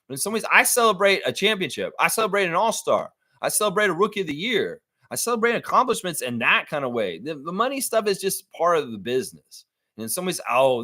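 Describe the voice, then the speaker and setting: Blunt animated man ranting on a stream. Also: fairly high pitch, no room sound. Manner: blunt, animated ranting, reads chat aloud. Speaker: livestream host. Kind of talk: live sports chat stream.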